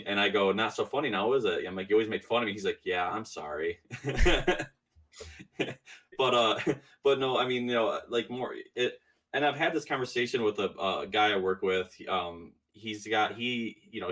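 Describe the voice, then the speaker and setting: A man's voice: fairly low pitch, fairly bright tone, recorded from a distance. A man telling stories in a casual podcast chat, rambling with many fillers and restarts. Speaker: podcast guest.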